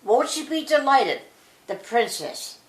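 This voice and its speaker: Grandma doing a loud, merry young fool. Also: female voice, on the high side, very animated, takes it slowly, voice pushed up. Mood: boisterous. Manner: shouting, boisterous. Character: cheeky foolish young man, loud and merry. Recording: roomy echo.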